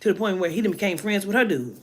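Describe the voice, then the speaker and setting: A woman telling a personal story in a casual monologue, animated and emphatic, with heavy profanity. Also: mid-range voice, fast, husky.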